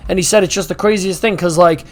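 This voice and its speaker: A man's voice: high voice, steady tone, quick pace. A young man hosting a casual podcast, rambling and correcting himself as he talks. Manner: rambling, self-correcting, upbeat. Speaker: podcast host. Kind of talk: casual chat.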